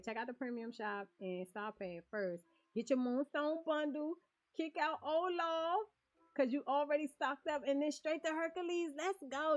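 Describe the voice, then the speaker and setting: A woman streaming a cozy game, chatting and often laughing as she talks to her viewers. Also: a little high. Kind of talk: casual game stream chat. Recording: dull lo-fi stream audio.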